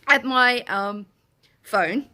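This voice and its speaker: A young woman vlogger with a slightly high voice draws out her words as she tells a story to the camera set up in front of her, with heavy noise in the background. Her rant is animated and casual, full of swearing, bursts of laughter, and shouted reenactments of what others said.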